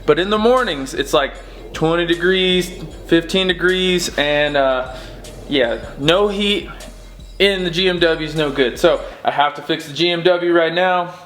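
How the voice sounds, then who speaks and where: Casual rambling guy in a garage. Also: on the high side. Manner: rambling, relaxed, many fillers. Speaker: car-build vlogger. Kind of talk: casual garage update vlog. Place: home garage, door open.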